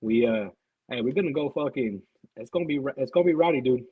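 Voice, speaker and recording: Man, podcast guest, rambling profane chat, husky voice, slightly dull dry recording. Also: medium pitch, fast, no room sound. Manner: rambling, profane, repeats himself.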